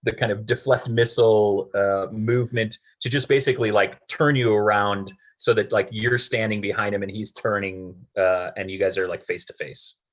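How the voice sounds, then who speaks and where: A man's voice: fairly low pitch, steady tone, normal speed, hardly any pauses. A man running a tabletop game as game master, narrating loosely with many fillers.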